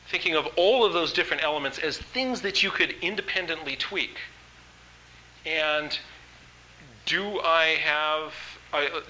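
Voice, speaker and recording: A man's voice: a little high, pushed and bright, slight background noise, low-quality recording. A man teaching an art workshop, talking in an enthusiastic, conversational way with frequent fillers. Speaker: art instructor. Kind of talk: workshop lecture.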